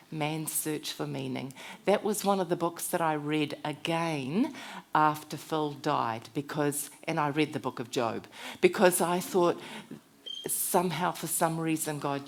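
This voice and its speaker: A woman speaker at a conference, telling personal stories in a heartfelt motivational talk. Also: low-pitched.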